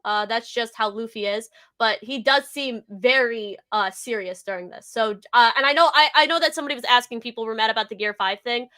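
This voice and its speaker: A young woman in a casual reaction chat, reading comic dialogue aloud with animated delivery. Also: fairly high pitch, a little fast, few pauses. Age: young adult. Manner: animated, acts out character lines while reading. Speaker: co-host reacting to a comic chapter.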